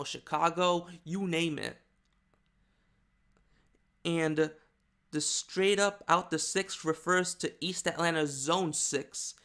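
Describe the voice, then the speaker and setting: Gravelly man rambling on camera. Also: fairly high pitch, fairly bright tone. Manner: rambling, hesitant, many fillers and restarts. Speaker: YouTube commentator. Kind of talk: casual video commentary.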